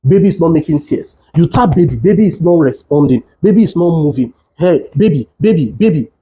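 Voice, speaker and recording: A man's voice: fairly high pitch, animated, fast, warm tone, muffled recording. A man, a doctor earnestly teaching caregivers with urgent, repeated warnings. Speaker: doctor giving health education. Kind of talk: instructional talk with demonstration.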